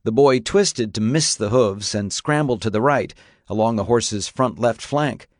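A man narrating a story in a steady, measured audiobook reading. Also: medium pitch, no room sound, clean studio sound.

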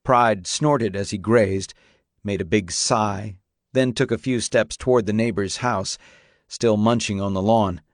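A man narrating a story in a steady, measured audiobook reading. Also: lowish voice, no echo, studio quality.

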